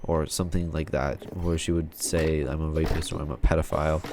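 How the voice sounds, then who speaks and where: Deep-voiced young man venting a story. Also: little pitch movement, brisk, noisy background. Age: young adult. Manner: frustrated, rambling, swears often. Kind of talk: casual personal storytelling.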